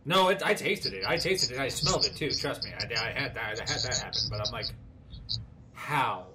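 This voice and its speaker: A man's voice: mid-range voice, lively intonation, a little fast, background noise. A man hosting a casual podcast, tipsy from drinking, swearing freely and laughing between lines. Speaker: podcast host. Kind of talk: casual chat.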